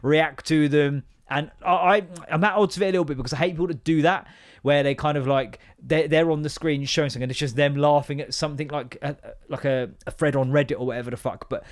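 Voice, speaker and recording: A man's voice: fairly high pitch, fairly even intonation, quick pace. A man with an English accent hosting a casual podcast monologue, rambling, sweary and self-deprecating. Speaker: podcast host.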